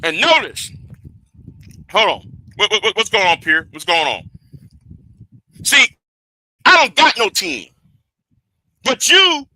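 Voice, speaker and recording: A high-voiced man on a livestream delivers a confrontational, profane rant aimed straight at a rival, his tone sharp. The streaming-setup audio has no echo but is poor in quality.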